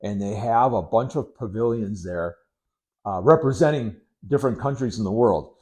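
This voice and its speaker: A middle-aged man from Wisconsin rambling casually to camera, unhurried and full of ums, with sarcastic asides. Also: on the low side, a little mellow. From Wisconsin, United States. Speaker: vlogger.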